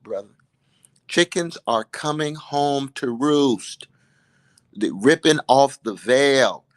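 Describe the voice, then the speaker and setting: An older man in his seventies speaking in a preacherly, rhythmic way, stacking emphatic repetitions in a passionate political conversation. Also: medium pitch. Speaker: guest.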